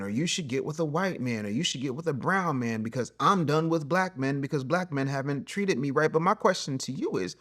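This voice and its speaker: A middle-aged man lectures straight to camera in a blunt, preachy advice monologue. His voice sits a little higher than most men's, and he swings from loud, punchy jabs down to low, quiet asides. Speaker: host and relationship coach.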